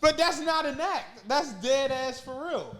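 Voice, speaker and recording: A man with a very high voice talks casually on a podcast, loose and profane. He drops into the voices of people he's telling stories about. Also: lively intonation, a little slow, a bit bright. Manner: laid-back, profane, imitates people in stories. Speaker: podcast co-host. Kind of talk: casual chat.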